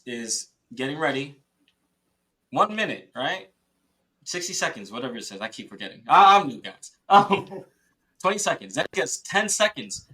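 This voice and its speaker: Excitable man telling a paintball story. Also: fairly high pitch. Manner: excited, rambling with many restarts and laughs; quotes teammates in lively voices. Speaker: podcast guest, paintball player. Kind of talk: casual storytelling.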